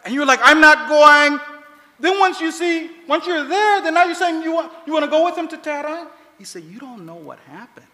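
Male preacher, storytelling sermon, very high and lively voice. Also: normal speed. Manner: animated, acts out quoted voices. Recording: long hall reverb.

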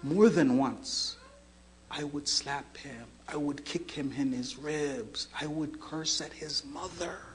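A man preaching acts out a frightened former police chief who pleads and confesses in a hushed, tearful voice. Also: on the high side, slow. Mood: tearful confession.

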